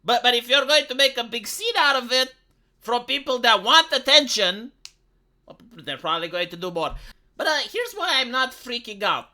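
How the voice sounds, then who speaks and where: Bright-voiced sarcastic male streamer. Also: very high-pitched, animated, moderate pace. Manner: sarcastic, rambling, mocking. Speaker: livestream host. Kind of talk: livestream commentary.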